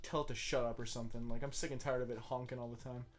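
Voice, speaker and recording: A man's voice: medium pitch, little pitch movement, racing, soft background music. A young man co-hosting a podcast, rambling goofily and laughing between bits. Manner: goofy, laughing, loose rambling. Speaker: podcast co-host. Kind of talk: casual podcast chat.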